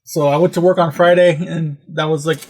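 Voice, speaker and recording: A man's voice: fairly high pitch, flat delivery, fairly quick, darkish tone. A man hosting a podcast, telling a rambling, profane story in casual chat. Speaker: podcast host.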